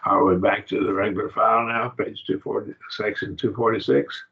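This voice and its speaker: Teaching Greek grammar over a dull, low-fidelity video call, this low-voiced man goes slowly and questions his students. His intonation stays fairly even, with vocal fry.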